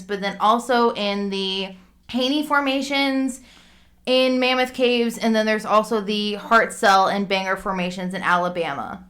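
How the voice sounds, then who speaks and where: A woman's voice: medium pitch, fairly bright tone. A woman co-hosting a podcast in casual chat, laughing often and stumbling over her notes. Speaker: podcast co-host.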